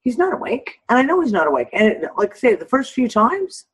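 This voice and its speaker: A woman's voice: a little high, very animated, breathy edge, poor audio. A middle-aged woman hosting a casual talk, agreeable and explaining things at length. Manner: agreeable, drawn-out explaining, frequent "yep". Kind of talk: casual chat.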